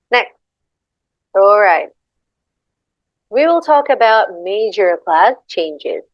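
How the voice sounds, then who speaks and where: In a dull, dry lo-fi recording with no room sound, a young woman with an Indonesian accent and a mid-range voice gives a class presentation. The student sounds hesitant and apologetic, reading slides and saying example words more than once.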